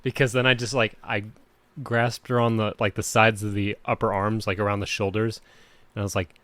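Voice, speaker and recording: A man with a lowish voice talks briskly, with no room sound in the recording. He's co-hosting a podcast in casual chat, an animated storyteller who acts out the voices of the people in his stories.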